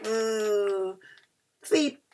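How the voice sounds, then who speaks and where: A woman's voice: medium pitch, extremely slow, warm tone, slight background noise. A middle-aged woman chatting casually through a food haul, cheeky and self-mocking. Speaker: vlogger.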